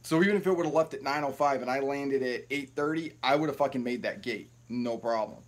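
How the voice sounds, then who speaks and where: A man's voice: mid-range voice, a little fast. Profane rambling young man vlogging. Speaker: YouTube vlogger. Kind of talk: casual storytelling to camera. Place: at home, no ring light set up. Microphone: built-in camera mic, no external mic.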